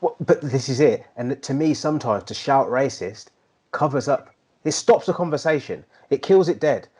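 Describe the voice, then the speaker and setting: A man's voice: medium pitch, animated, normal speed, darkish tone, slightly rough. A man from the UK co-hosting a casual chat podcast, talking in an earnest, reflective way with many fillers. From United Kingdom. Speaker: podcast co-host.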